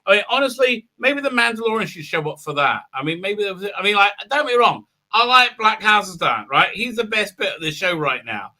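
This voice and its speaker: A rambling, irreverent man talks through a casual review, stumbling over fillers as he goes. His voice sits high for a man and sounds sharply bright and tense. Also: expressive, brisk, hardly any pauses. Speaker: show host and reviewer.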